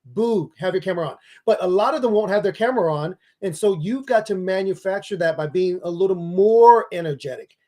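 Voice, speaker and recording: A man who is a public speaking expert and author, giving emphatic, energetic advice in an interview. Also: high-pitched, fairly quick, few pauses. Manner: energetic, emphatic coaching delivery.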